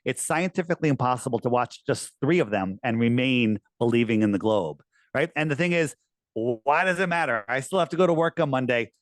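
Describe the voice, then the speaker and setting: Insistent guy talking fast, dead dry mic, mid voice. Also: medium pitch, no echo. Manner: animated, insistent, uses mocking put-on quotes. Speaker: guest. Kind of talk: casual conversation.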